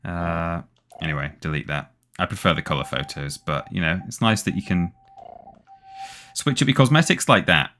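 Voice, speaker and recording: A man's voice: low voice, animated, moderate pace, pushed and bright, a little hiss or hum. A man streaming a video game, chatting casually and rambling as he plays, often correcting himself with a playful tone. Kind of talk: casual gameplay commentary.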